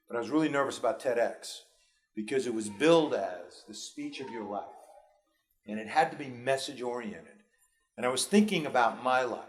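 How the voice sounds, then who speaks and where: A man in his fifties with a New York accent, a school superintendent giving students a motivational talk through personal stories, earnest and given to restarts. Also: mid-range voice.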